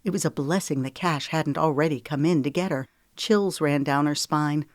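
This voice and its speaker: Female audiobook narrator, lowish, even read, dry booth sound. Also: normal speed, no room sound. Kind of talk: scripted storybook narration.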